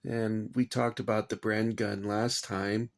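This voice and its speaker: A man's voice: on the low side, little pitch movement, unhurried, creaky. A man vlogging from his kitchen about collecting toy soldiers, rambling and agitated, swearing and then apologizing. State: shaking after anger. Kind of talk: casual rambling vlog. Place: home kitchen.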